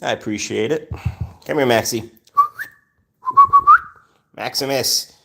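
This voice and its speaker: A man hosts a relaxed live stream from home with his rescue cats around him. He reads out viewer names one by one and answers them in a chatty, unhurried way, often pausing on fillers. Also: medium pitch. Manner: chatty, greets viewers by name, many fillers. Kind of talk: casual live stream chat.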